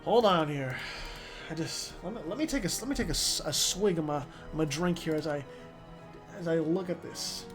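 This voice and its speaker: An excitable strategy game commentator talks through a match in a loose, casual way, dropping swear words and tripping over restarts. The pitch sits right in the middle, with soft music playing faintly underneath. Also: moderate pace.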